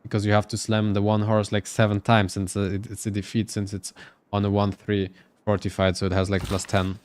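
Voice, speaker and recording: A man's voice: fairly low pitch, monotone, fairly quick, a little mellow, smooth. A man casting a live strategy game match, giving loose, thinking-aloud play-by-play. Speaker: esports caster.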